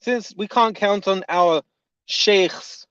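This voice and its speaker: A man's voice: sits high, slow pace, fairly bright tone, clear, resonant tone, dry recording. A man delivering a heated, indignant reaction rant as an online commentator, often repeating his points. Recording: dull, dry lo-fi audio.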